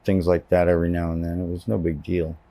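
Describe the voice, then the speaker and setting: A man's voice: low voice, flat delivery, fast talker, gravelly, mellow. A man from Texas giving personal testimony in an interview, telling his story candidly and plainly.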